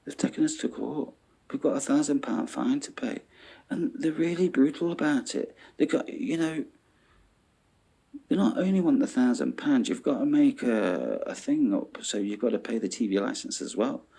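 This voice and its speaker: A man ranting in an animated monologue, swearing and checking in with "yeah?". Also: medium pitch, normal speed, creaky, breathy edge. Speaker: vlogger.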